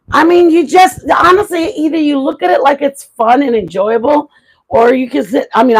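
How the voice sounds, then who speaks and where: A woman's voice: fairly high pitch, low-quality recording. A woman hosting a live stream, chatting frankly and animatedly with her viewers. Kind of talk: casual chat to viewers.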